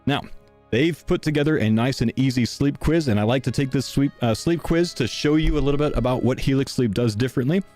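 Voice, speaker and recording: A man's voice: medium pitch, brisk, darkish tone, soft background music. A young man live-streaming a sponsor read, out of breath and chatting casually to his viewers. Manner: casual, chatty, talks to chat.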